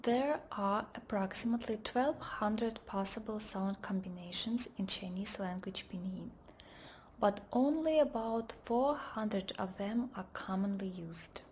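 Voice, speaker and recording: A woman reads out a pronunciation lesson at a very slow, careful pace. Her delivery is measured, with phrase ends that drift into a whisper. A faint hiss sits under the voice. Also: mid-range voice, a little mellow. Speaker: language teacher. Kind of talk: slow scripted lesson narration.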